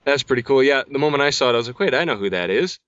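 A man's voice: medium pitch, lively intonation, very fast, a bit bright, clear, resonant tone, no room sound. A man hosting a podcast in casual chat, joking and putting himself down. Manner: jokey, self-deprecating. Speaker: podcast host. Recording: dull lo-fi audio.

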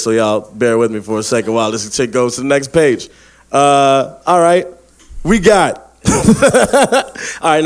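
A man performing a live stand-up roast set, brash and trash-talking, deliberately bombing while slowly reading out a list with mock seriousness. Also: a little high, a little mellow, a little hiss or hum. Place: stage before a live audience.

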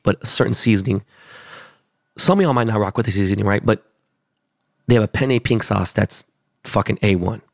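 A man, telling a profane, animated story in a casual way. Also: on the low side, vocal fry, dry recording, clean studio sound.

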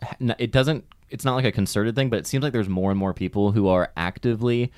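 A man's voice: on the low side, fast talker, a little mellow, clean tone, no room sound, clean studio sound. A man co-hosting a podcast in casual chat, thoughtful and trailing off as he talks. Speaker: podcast co-host.

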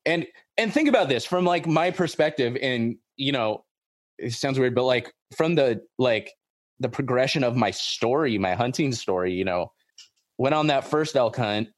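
A man hosting a podcast in casual chat, talking in an excitable, rambling way and repeating himself. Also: medium pitch, moderate pace, no room sound, clean studio sound. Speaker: podcast host.

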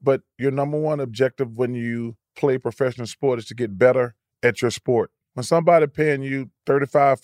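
A man's voice: mid-range voice, a little mellow, no room sound, studio quality. An older man co-hosting a casual podcast, boisterous and blunt, laughing often as he talks. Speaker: podcast co-host.

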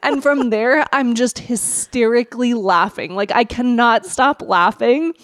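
A woman on a podcast telling a personal story in an animated way, laughing often. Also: a little high, measured pace, no echo, clean studio sound. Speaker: podcast guest. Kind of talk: casual podcast chat.

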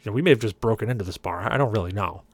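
This podcast panelist has a fairly low voice and talks in rapid-fire bursts, performing the characters in his lengthy funny tale with lots of energy. There's no reverb on the audio.

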